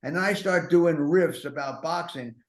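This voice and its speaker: An older man with a slightly high voice spins rambling, self-deprecating comic stories, doubling back on himself in anxious asides. The room around him rings with a noticeable echo, as if recorded in a bare space. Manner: self-mocking, neurotic, rapid-fire asides. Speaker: podcast host. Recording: roomy echo.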